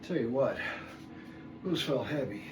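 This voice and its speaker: A man's voice: medium pitch, animated, unhurried, far from the mic. A man in his sixties, out of breath, counting reps aloud during a workout vlog and groaning and muttering between sets. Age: 60s. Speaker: fitness vlogger. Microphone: phone camera set at a distance. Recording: echoey room, phone from afar, background noise.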